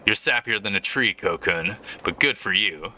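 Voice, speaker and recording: A man's voice: on the low side, expressive, normal speed, pushed and bright, a little hiss or hum. A man voicing a blunt, short-tempered gangster who brushes people off. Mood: wry. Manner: gruff and blunt.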